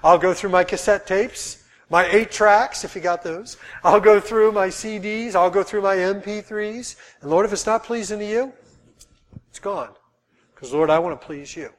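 A man's voice: high voice, moderate pace. A middle-aged man preaching a sermon, emphatic and repeating his key phrases for weight.

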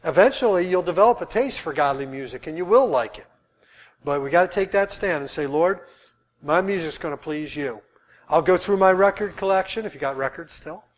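A middle-aged male preacher with a high-pitched voice delivers a sermon. He talks emphatically and repeats key phrases to drive his points home. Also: lively intonation, brisk.

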